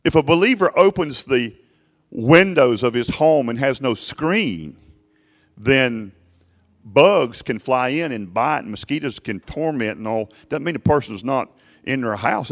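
A male pastor preaching a sermon emphatically to his congregation, often urging them to listen, his voice swelling loud and falling low. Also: expressive, normal speed. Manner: emphatic preaching, rising and dropping sharply in loudness; addresses congregation directly with repeated "listen".

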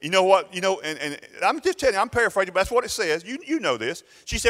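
A man's voice: high voice, sing-song, quick pace, fairly bright tone. A man preaching a sermon as pastor, retelling a story and acting out its voices. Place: church sanctuary. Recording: long reverb in a church hall.

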